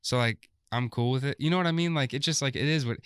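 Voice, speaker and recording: A man's voice: mid-range voice, fast talker, clear, resonant tone, dry recording, clean studio sound. A young man co-hosting a casual podcast chat, filling his talk with "like" and "you know what I mean". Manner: filler-heavy, says "like" constantly. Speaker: podcast co-host.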